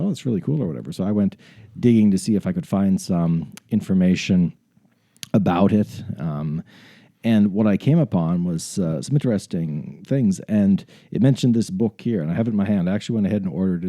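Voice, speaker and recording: A middle-aged Canadian man talks casually on a podcast, his low voice very dark and mellow. He rambles and mocks himself, trailing off into quieter asides. The sound is close and dry, with almost no room. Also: brisk, no room sound. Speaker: podcast host. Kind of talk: casual chat.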